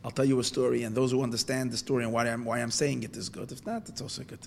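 A man teaching a Torah lesson through a story. He talks in a halting way with frequent restarts, and he asks questions and then answers them himself. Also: medium pitch, creaky, a little hiss or hum.

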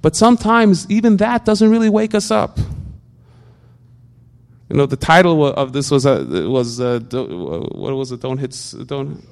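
A man gives an informal religious talk packed with animated rhetorical questions, often getting stuck on a word and stammering through restarts before moving on. His voice is mid-range and his pace moderate.

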